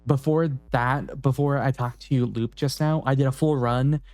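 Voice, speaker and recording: A man's voice: mid-range voice, fairly even intonation, normal speed, darkish tone, dry recording. Sweary, emotional male game streamer. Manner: emotional, sweary, swings from muttering to outbursts. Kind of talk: casual let's-play commentary and reading.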